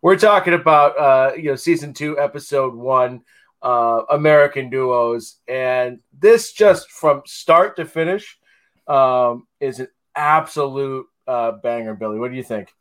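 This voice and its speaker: A man's voice: medium pitch, measured pace, a bit bright. A man co-hosting a podcast in casual chat, rambling with lots of fillers and frequent laughs. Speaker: podcast co-host.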